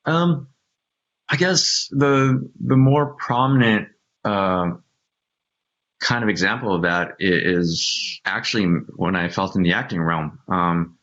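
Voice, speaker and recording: Deep-voiced man, hesitant and reflective. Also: slow pace, fairly bright tone. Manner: hesitant and reflective, many ums and restarts. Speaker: panelist. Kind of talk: candid panel discussion. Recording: dull lo-fi audio.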